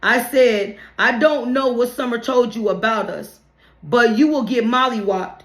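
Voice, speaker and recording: A woman with a fairly high-pitched voice narrates her memoir aloud, speaking a bit slowly and plainly, as if in conversation, stumbling and restarting now and then. The recording has an echoey, roomy sound.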